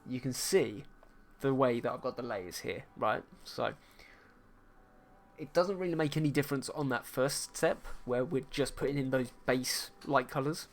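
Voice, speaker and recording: A man's voice: medium pitch, normal speed. A man, casually teaching digital painting live while he paints. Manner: relaxed, chatty, talks while painting.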